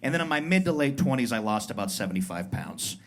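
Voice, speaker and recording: A man's voice: medium pitch, big pitch swings, quick pace, fairly bright tone. A man in his thirties from Colorado performing a self-mocking stand-up set in a comedy club, acting out brash tough-guy voices. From Pueblo, Colorado. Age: 30s.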